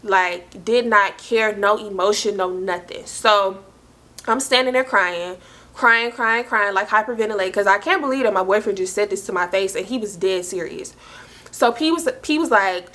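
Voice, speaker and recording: A young woman telling a story casually, with frequent "like" and "y'all" and animated retelling. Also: mid-range voice, moderate pace. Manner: chatty, heavy use of "like" and "y'all", animated retelling. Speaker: storyteller host.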